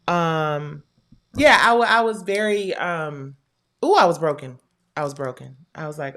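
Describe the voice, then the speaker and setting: A middle-aged woman hosting her own show, telling a heated personal story to viewers, animated and profane, with quoted voices. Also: lowish voice, normal speed, vocal fry.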